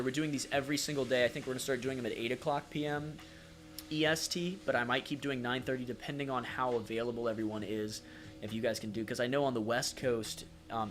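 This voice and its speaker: Male streamer host, flat gentle delivery, supportive and affectionate, faint music underneath. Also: medium pitch. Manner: affectionate, supportive, frequent fillers; reads chat comments aloud. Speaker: livestream host. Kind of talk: casual livestream chat.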